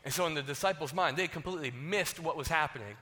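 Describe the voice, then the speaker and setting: A man delivers a sermon, retelling the story in casual, animated talk that jumps into the voices of the people in it. His voice is bright and forceful, on the higher side for a man. It rings with the long reverb of a large hall. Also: fast talker. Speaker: pastor.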